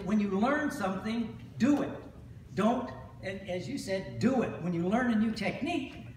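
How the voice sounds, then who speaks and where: Middle-aged male speaker with a high voice, motivational convention talk, storytelling, heard from far off in an echoey hall. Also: noisy background. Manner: storytelling, repeats phrases, asks "right?". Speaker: hypnosis instructor.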